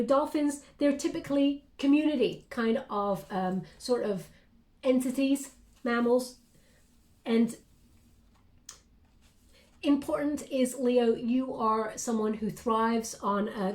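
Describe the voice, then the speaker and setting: A woman's voice: on the high side, dark tone. A woman giving a casual tarot reading to camera, speaking in an encouraging, reassuring way with many fillers and restarts. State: briefly emotional. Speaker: tarot reader.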